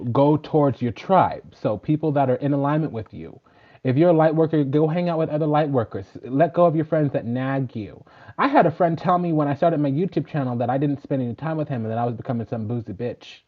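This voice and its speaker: A man who works as a spiritual teacher gives a casual sermon, emphatic and profane, preaching in rhythmic lists. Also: medium pitch. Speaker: spiritual teacher and tarot reader. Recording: dull lo-fi recording.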